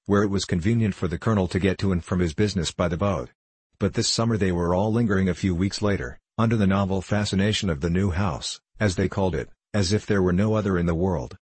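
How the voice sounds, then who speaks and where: A man reading a classic novel aloud as narrator, steady and measured. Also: deep voice, husky, dry recording, poor audio. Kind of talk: audiobook reading.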